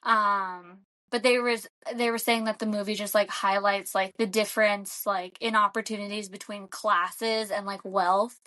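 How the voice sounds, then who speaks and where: A woman's voice: medium pitch, steady tone, normal speed, hardly any pauses, bright, forceful tone. A young woman co-hosting a podcast, retelling a film in a loose, rambling way full of "like". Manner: rambling, fillers of "like" throughout. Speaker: podcast co-host. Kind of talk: casual chat.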